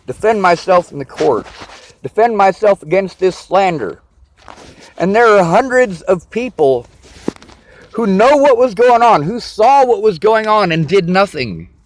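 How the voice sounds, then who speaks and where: A man's voice: high-pitched, a little hiss or hum. A man venting to camera in an agitated, profane, repetitive rant. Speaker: vlogger. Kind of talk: angry personal rant to camera.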